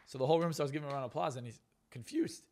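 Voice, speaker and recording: A man's voice: mid-range voice, racing, darkish tone. A man who is a hypnotist and coach, guest on a podcast interview, talking bluntly and profanely with lots of emphasis.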